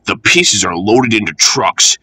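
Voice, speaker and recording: A man narrating a children's train storybook in an expressive, animated way. His pace is slow and unhurried, his tone bright, and the recording dry and close. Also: lowish voice, no room sound, low-quality recording. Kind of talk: storybook reading.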